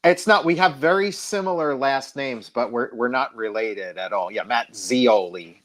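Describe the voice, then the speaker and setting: Halting male interview guest. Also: medium pitch. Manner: halting, self-interrupting, many fillers. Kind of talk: casual interview chat.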